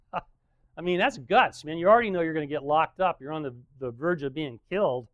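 A man preaching in a relaxed, conversational way, retelling an old story with jokes and little chuckles. His voice sits a bit high for a man. The recording is dry, with no room sound. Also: moderate pace, dry recording, dull audio. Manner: chatty, joking retelling with frequent chuckles. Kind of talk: casual sermon storytelling.

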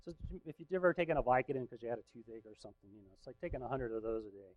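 A man's voice: mid-range voice, animated, racing, dry recording, dull audio. Chatty middle-aged man preaching a testimony. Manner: conversational, self-deprecating, laughs while telling stories. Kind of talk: personal testimony sermon.

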